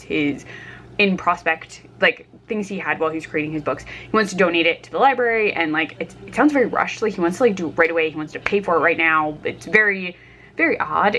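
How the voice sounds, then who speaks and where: A woman's voice: on the low side, bright, forceful tone, slight background noise. A young woman chatting casually about her reading at home while cooking lunch, with many fillers and frequent laughs. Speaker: book vlogger. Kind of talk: casual reading vlog chat.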